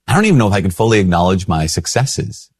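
Husky priest telling a reflective story. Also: male voice, sing-song, quick pace. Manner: conversational and self-questioning, jumps higher when quoting others. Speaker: priest and video host. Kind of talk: reflective storytelling talk to camera.

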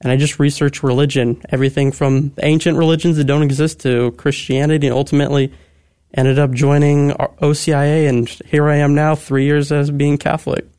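A man's voice: on the high side, flat delivery, brisk, mellow, clean tone, dry recording, clean studio sound. A young man, a guest on a radio interview, talking eagerly and articulately. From Texas. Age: 20s.

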